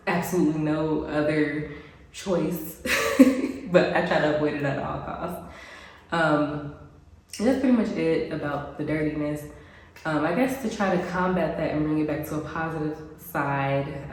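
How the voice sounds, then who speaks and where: An American woman vlogging casually to camera, chatty with frequent ums and little laughs, sounding congested. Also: low-pitched. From United States. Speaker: expat vlogger. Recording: very echoey room, faint background noise.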